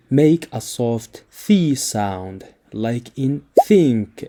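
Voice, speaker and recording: A man teaching an alphabet in scripted narration, sounding out each letter slowly and deliberately with an example word. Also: medium pitch, animated, music in the background. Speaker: language teacher.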